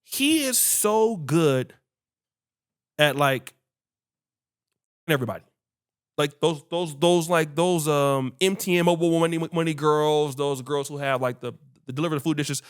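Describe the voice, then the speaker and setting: A man hosting a podcast who tells stories in casual chat, animated and swearing freely while acting out what people said. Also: on the high side, unhurried, long pauses, clean tone. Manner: animated, acts out quoted dialogue, swears freely. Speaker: podcast host.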